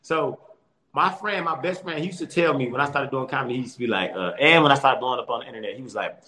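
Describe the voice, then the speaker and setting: A quick, bright-voiced man tells stories from home over a call. He is animated and laughs often, and he tumbles through quick restarts in loose interview chat. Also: mid-range voice. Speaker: comedian guest. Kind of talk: casual storytelling interview.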